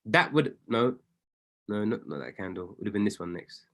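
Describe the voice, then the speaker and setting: A man, a trading coach talking casually through trades on screen, excitable and often correcting and apologizing to himself. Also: fairly low pitch, moderate pace, vocal fry. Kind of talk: casual commentary while reviewing trades on screen.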